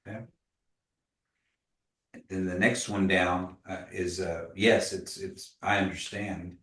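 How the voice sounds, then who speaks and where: A man's voice: deep voice, steady tone, takes it slowly, fairly bright tone. A man teaching a language class in a casual way, patiently modeling pronunciation and telling stories. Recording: echoey room, voice from a distance.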